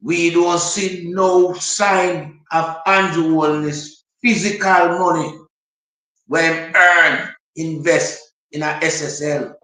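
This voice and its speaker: Slow, echoey Jamaican male caller. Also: a little high, fairly even intonation, sharp tone. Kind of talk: call-in political chat. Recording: very echoey, distant line.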